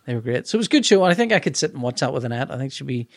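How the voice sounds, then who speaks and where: A man's voice: medium pitch, sing-song, rapid-fire, dry recording, studio quality. A man co-hosting a casual podcast chat, rambling with restarts and frequent laughter. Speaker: podcast co-host.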